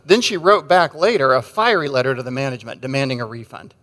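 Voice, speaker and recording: A man's voice: medium pitch, fast, sharp tone, in a large hall. A man preaching a sermon in a conversational, wry way, telling stories with jokes and asides. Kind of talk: sermon with storytelling.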